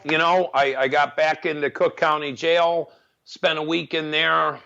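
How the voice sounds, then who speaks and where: A man's voice: on the high side, vocal fry, sharp tone. A middle-aged man, a podcast guest, telling his recovery story in a candid, matter-of-fact way with frequent restarts. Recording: dull lo-fi podcast audio.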